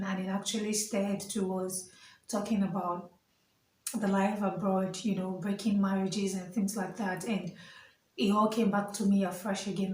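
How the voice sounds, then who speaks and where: A woman's voice: medium pitch, a little mellow, reverberant, distant mic, low-quality recording. A young Nigerian woman vlogging to camera while standing, chatty and earnest, with many fillers and asides. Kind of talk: casual vlog talk to camera.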